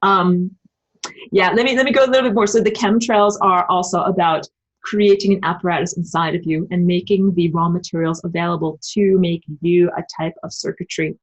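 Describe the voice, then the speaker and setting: A woman's voice: lowish voice, fairly even intonation, fairly quick. A woman giving an emphatic, profane, rambling spiritual livestream monologue and answering viewer comments. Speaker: spiritual vlogger.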